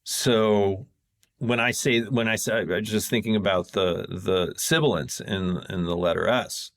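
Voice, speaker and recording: A man on a podcast as a guest sound designer, casually explaining technical ideas in a rambling, self-correcting way. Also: unhurried. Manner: rambling, self-correcting, jumps in pitch when excited.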